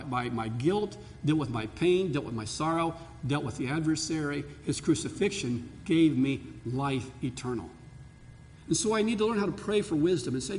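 Impassioned male pastor in a reverberant hall. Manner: impassioned, swinging between loud pleading and hushed lows. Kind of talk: sermon.

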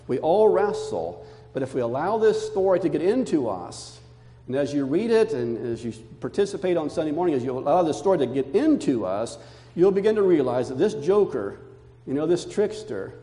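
High-voiced older male preacher in a hall. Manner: emphatic, animated storytelling, calming to soft reflection. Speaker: pastor. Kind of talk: sermon. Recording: long hall reverb.

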